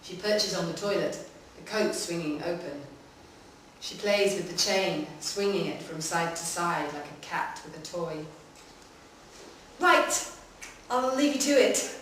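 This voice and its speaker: A woman giving a live, measured reading of a short story in a public library room. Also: fairly low pitch, fairly even intonation, a little hiss or hum. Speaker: reader. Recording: echoey hall from far off.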